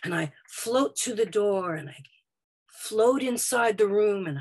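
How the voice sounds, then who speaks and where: A woman from Brooklyn telling a first-person story on stage, dramatic and vivid, moving between quiet and loud passages. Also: mid-range voice, lively intonation, unhurried. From Brooklyn, United States.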